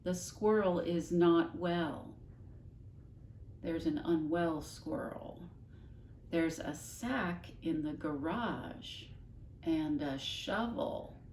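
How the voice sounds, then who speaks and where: A woman voicing an exasperated, commanding mother in a storybook, spelling out her words slowly and firmly. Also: fairly low pitch, darkish tone, a little hiss or hum, lightly acted. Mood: patient. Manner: slow, word-by-word insistence. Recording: echoey room, mic at a distance.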